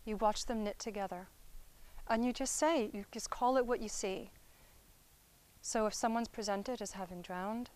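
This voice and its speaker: A woman's voice: medium pitch, moderate pace, darkish tone, low-quality recording. Conversational woman therapist teaching a workshop. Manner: conversational, checks in with listeners. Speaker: therapist teaching inner-child work. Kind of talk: instructional talk.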